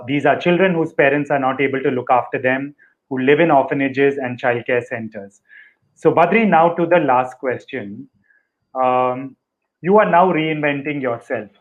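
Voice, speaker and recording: A man hosting a live online interview, asking questions with frequent fillers and "right?" tags. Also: medium pitch. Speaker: host of a live fundraiser interview. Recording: dull lo-fi audio.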